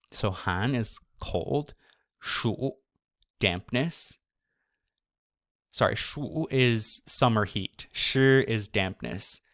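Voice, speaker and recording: A man teaching a course, explaining pronunciation casually and sounding each syllable out slowly. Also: on the low side, vocal fry, a bit bright. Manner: casual, with fillers and self-corrections. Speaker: course instructor. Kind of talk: slow explanatory lesson.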